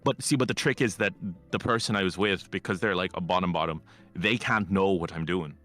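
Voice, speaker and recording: A low-pitched man with a bright, forceful tone tells stories with cocky, teasing swagger. He chats loosely on a streaming mic, with faint music underneath. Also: fairly quick. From Ireland. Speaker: collab guest streamer. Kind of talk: casual chat.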